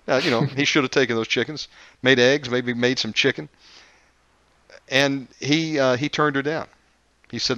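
A man's voice: mid-range voice, normal speed, long pauses, a bit bright, no echo, dull audio. A man hosting a Christian talk show, telling a family story casually with many fillers and restarts. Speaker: show host.

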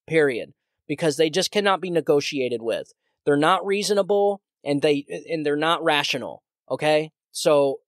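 A man hosts his own solo podcast, talking in a worked-up, ranting way and often restarting his sentences. His voice sits somewhat high for a man. The sound is dry and close, with no room echo. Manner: heated, ranting, repetitive restarts. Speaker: podcast host. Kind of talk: solo political commentary podcast.

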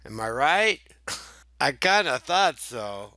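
A man's voice: medium pitch, big pitch swings, takes it slowly, pushed and bright, dry recording. A man teaching a math lesson for children in a playful, chatty way, with sing-song exclamations and little jokes.

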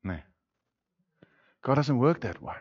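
A male pastor preaching a sermon, swinging between loud, emphatic declarations and quiet, intimate passages. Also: mid-range voice, big pitch swings, takes it slowly, breathy edge, dry recording. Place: church. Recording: dull, dry lo-fi sermon recording.

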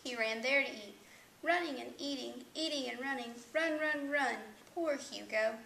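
Woman narrator for a picture book read-aloud; high, gravelly voice, roomy echo. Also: normal speed, bright, forceful tone. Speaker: children's book reader.

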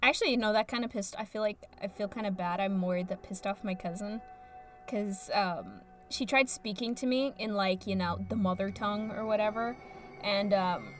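A woman's voice: mid-range voice, normal speed, faint music behind. Chatty young American woman streamer. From United States. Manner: rambling, chatty, frequent fillers. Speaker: game streamer. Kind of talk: casual live-stream chat.

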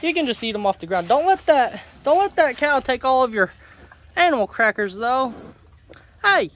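A man's voice: very high-pitched, sing-song, normal speed, fairly bright tone. Chatty man talking to his farm animals. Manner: chatty, scolds and coaxes animals by name. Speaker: homestead vlogger. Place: outdoors on a farm.

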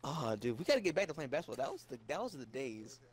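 A young man talks casually with friends over a co-op game, his voice leaping up and down as he spins stories. He sits at an ordinary middle pitch and laughs easily between lines. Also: quick pace, breathy edge. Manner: animated storyteller, mimics friends, laughs often. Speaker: gamer. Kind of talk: casual gaming chat.

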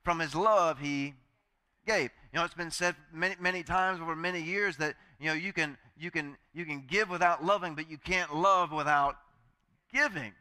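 A man's voice: a little high, normal speed, sharp tone, clear, resonant tone. A male pastor preaching a sermon in a chatty, joking way, acting out the voices he quotes.

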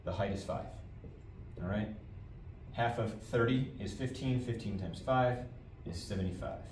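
A math teacher gives a geometry lecture in a classroom, repeating key terms and checking in with "all right?". His voice is fairly low, unhurried and a little mellow. The recording is roomy and distant from the mic, with faint background noise.

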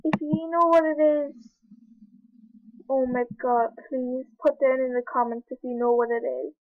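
High-voiced jittery woman, tinny recording. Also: fairly even intonation, a little slow, a little hiss or hum. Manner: rambling and jittery, gasping exclamations. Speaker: video creator. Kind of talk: casual screen-recording commentary. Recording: tinny phone-like dry recording.

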